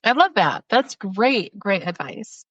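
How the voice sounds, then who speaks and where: A woman's voice: mid-range voice, lively intonation, slow pace, a bit bright, no echo. Woman podcast host, dull lo-fi sound. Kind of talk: casual conversational interview. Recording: dull, slightly lo-fi dry sound.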